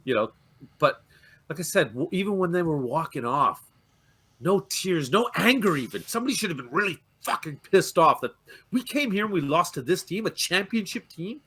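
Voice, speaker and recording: The speaker is a dejected Canadian football fan venting angrily and cursing on a fan program, frequently stammering and starting over. His voice sits on the high side, fairly bright and slightly rough, with lively intonation at a normal speed in heated chat.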